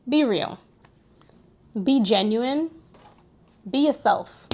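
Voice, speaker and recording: Young woman vlogger with a high voice; animated, preachy advice straight to her viewers. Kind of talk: casual advice monologue. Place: New York, recording outdoors near street traffic.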